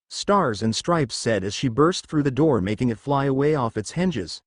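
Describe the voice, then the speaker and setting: A man reading a fan story aloud in an animated storytelling manner on a close mic. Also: mid-range voice, moderate pace, hardly any pauses, dry recording. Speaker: fanfic narrator.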